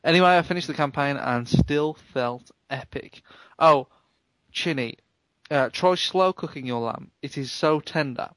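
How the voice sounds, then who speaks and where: A man's voice: fairly high pitch, measured pace, a bit bright, dry recording. Chatty man reading listener emails. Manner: chatty, wry asides while reading. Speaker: podcast co-host. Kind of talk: casual podcast chat, reading listener email.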